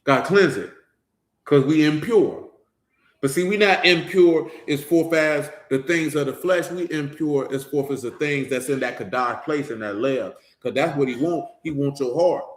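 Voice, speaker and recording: Man, informal sermon, high pitch, street-talk delivery, roomy echo. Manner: conversational, street slang, talks straight to listeners. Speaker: Bible teacher.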